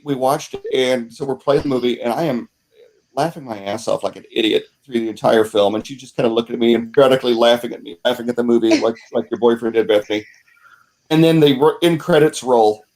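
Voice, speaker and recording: A man hosting a podcast who tells stories casually, rambling with many pauses and restarts. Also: medium pitch, darkish tone, a little hiss or hum, rough recording. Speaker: podcast host. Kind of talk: casual storytelling chat.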